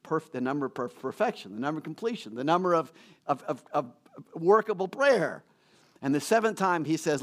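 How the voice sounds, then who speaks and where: A man with a fairly high voice preaches a sermon in a conversational storytelling way. He acts out each character's lines and keeps going through fillers and restarts. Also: expressive, fairly quick, a bit bright. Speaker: pastor.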